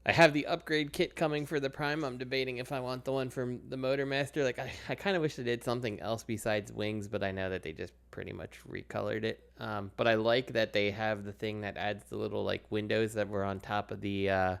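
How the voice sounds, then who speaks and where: A man's voice: fairly low pitch, fairly even intonation, fairly quick, creaky, hardly any pauses, fairly bright tone, smooth. A man co-hosting a podcast in casual chat, rambling with plenty of fillers and laughing easily. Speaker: podcast co-host.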